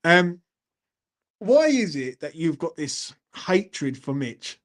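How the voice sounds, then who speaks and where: A young man with a slightly high, sing-song, fairly bright voice hosts a casual live stream, speaking slowly. He reads out the chat comments in a chatty, laddish way and keeps saying "do you know what I mean."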